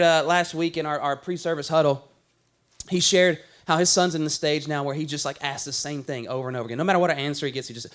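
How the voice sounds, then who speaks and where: A man's voice: high-pitched, fairly bright tone. A man in his thirties, a pastor, preaching a conversational sermon with playful storytelling.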